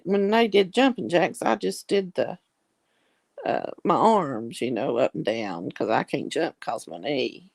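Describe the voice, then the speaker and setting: A woman's voice: low-pitched, gravelly, darkish tone, husky, no echo. A woman, chatting casually on a video call in a folksy, drawling way. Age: 60s. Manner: chatty, folksy, yawning and laughing.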